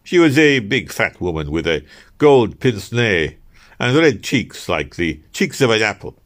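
Low-voiced, animated male storyteller. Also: measured pace. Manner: theatrical storyteller, addresses listeners directly. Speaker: audiobook narrator. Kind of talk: expressive audiobook reading of a first-person tale.

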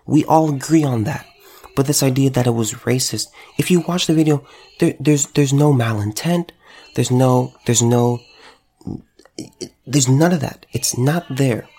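Speaking to camera, a man who runs a store delivers an impassioned, emphatic monologue, repeating phrases for stress. His voice is mid-range with a dark tone, and he is unhurried.

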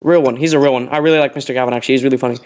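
A man's voice: mid-range voice, steady tone, rapid-fire, darkish tone. A teenage boy co-hosting a podcast, telling a rambling story in casual chat and acting out the people in it. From Northern Ireland. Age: teens. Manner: rambling storytelling, acts out quotes. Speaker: podcast co-host.

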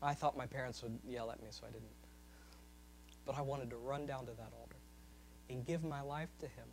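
A man preaching a sermon, swinging from loud, high-pitched emphasis to soft, low asides. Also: fairly even intonation, fairly quick, slight background noise, low-quality recording.

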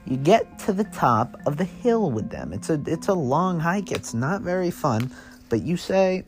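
Slow, rambling young male storyteller. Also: a little high, big pitch swings, music in the background. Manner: rambling, self-correcting, casual. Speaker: podcast storyteller. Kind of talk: improvised second-person story narration.

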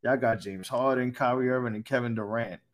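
A man co-hosting a sports podcast, loudly roasting a team with profane, mocking banter. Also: medium pitch, fairly quick, crowd noise. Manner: loud, profane trash talk with mock voices. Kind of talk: heated casual sports banter.

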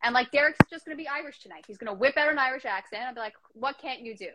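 A woman's voice: sits high, very fast, very noisy. A woman hosting a casual interview over a video call, chatty and filling her talk with "like". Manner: chatty, heavy use of "like". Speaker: host.

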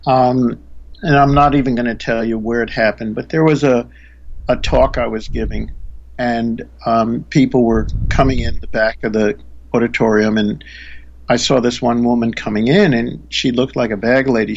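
A man's voice: mid-range voice, steady tone, normal speed, creaky. Earnest male storyteller, slightly dull audio. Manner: earnest, with frequent restarts. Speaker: spiritual teacher. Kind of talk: storytelling in a podcast conversation.

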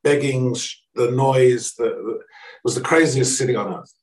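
A middle-aged man from Australia, telling a personal anecdote in an animated way and acting out the voices he quotes. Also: normal speed. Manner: animated, acts out quoted voices with pitch jumps. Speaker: speaker. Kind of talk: anecdotal storytelling. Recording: echoey room, distant mic.

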